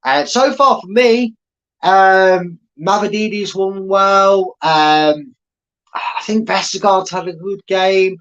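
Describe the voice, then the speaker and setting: A man's voice: high-pitched, slow pace, fairly bright tone, highs cut off. A man hosting a fan channel, giving live watchalong commentary in a chatty, rambling way with many fillers and restarts.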